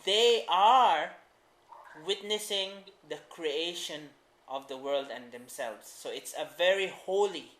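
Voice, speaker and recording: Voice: mid-range voice, slow pace, fairly bright tone. A writing teacher giving a patient class explanation, repeating key points. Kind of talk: classroom instruction. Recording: roomy echo.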